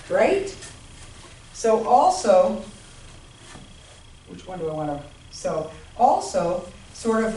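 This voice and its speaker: A woman giving an informal lecture on health to a class, often checking in with her listeners. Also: fairly high pitch. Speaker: health educator. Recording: roomy, distant mic, faint noise.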